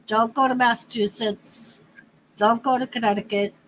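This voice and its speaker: A woman from the northeastern United States hosting a livestream, chatting casually in a drawn-out, easygoing way with laughs. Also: fairly high pitch, steady tone, a little hiss or hum, rough recording. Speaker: livestream host. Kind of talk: casual chat with viewers and a partner.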